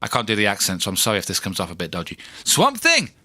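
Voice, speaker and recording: A man's voice: low voice, steady tone, rapid-fire, pushed and bright, dry recording. A man hosting a solo podcast, rambling in a chatty, self-deprecating way full of asides and restarts. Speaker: podcast host.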